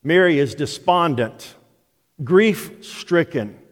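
An older man preaching a sermon as pastor, telling the story slowly and deliberately. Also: a little high, animated. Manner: slow, deliberate storytelling delivery. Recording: long hall reverb of a church.

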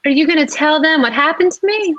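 A woman's voice: high-pitched, a little fast, fairly bright tone, highs cut off, pitched above the performer's own voice. A woman reading the part of a young female ship passenger who is falling in love, asking earnest, pleading questions.

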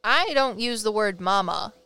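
Here the Midwestern psychic medium speaks at normal speed in a clean, mid-range voice while co-hosting a casual show. She's an animated storyteller, voicing quotes and laughing a lot.

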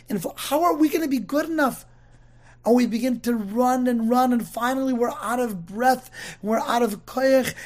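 Woman speaker, heartfelt story-sermon, swings to hushed intensity, medium pitch. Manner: intense, drops to hushed emotional tones. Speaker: speaker at a Tisha B'Av program. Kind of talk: emotional personal story and sermon.

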